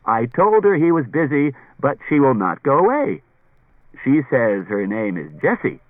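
A man's voice: mid-range voice, big pitch swings, measured pace, dry recording, narrow, tinny audio, pitched above the performer's own voice. A man voicing a simple office robot with a slurring voice. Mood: reporting.

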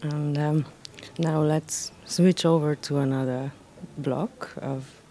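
Slow, soft-voiced male interviewer. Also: fairly high pitch, steady tone, slight background noise. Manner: slow, prompting.

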